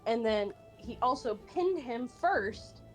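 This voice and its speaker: A woman's voice: fairly high pitch, lively intonation, takes it slowly, soft background music. A woman streamer chatting casually and animatedly, rambling with many fillers and restarts, and swearing now and then. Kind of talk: casual chat while drawing.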